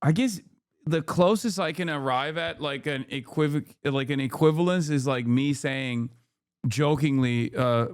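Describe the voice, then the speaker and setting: A man's voice: medium pitch, unhurried, clear, resonant tone, dry recording, clean studio sound. Profane, incredulous male streamer ranting. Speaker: streamer reacting to clips and chat. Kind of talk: live-stream reaction commentary.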